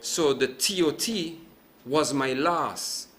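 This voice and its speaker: A man's voice: on the high side, takes it slowly. A man from Sint Maarten, a businessman and event producer, explaining his views animatedly as a guest on a live TV talk show. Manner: animated, explains with examples and asks "right?".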